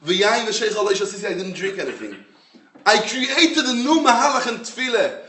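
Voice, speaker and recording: A man, a rabbi giving a Torah lecture in English, his language being Hebrew, with an emphatic, animated storytelling manner. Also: high-pitched, normal speed. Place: lecture room. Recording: roomy echo, mic at a distance.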